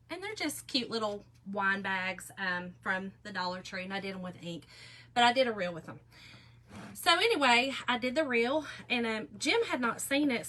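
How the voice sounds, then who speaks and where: A woman's voice: fairly high pitch, pushed and bright. A middle-aged woman, chatting and rambling to viewers while she crafts on a live stream. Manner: chatty, rambling, laughs often, talks to viewers directly. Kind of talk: casual chat while crafting.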